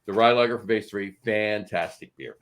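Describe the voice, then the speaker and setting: A man's voice: lowish voice, normal speed, a bit bright. A middle-aged man co-hosting a podcast in casual, jokey, rambling chat. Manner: jokey, rambling, lots of fillers. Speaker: podcast co-host.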